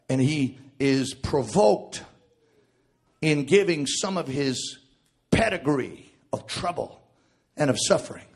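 A man preaching a sermon, shouting in a chanted cadence that drops to quiet reading of scripture. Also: fairly high pitch, breathy edge.

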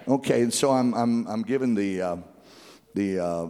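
A male pastor preaching a sermon at a church service, calling out for the congregation to repeat after him and building to fervent shouting. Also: on the low side, normal speed, long reverb tail. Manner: exhorting call-and-response with the congregation.

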